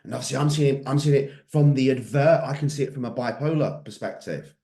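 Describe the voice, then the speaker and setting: A man's voice: mid-range voice, a little fast, vocal fry, mellow, echoey room. A man coaching a group on mindset, intense and emphatic, swearing freely. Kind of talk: motivational group training talk.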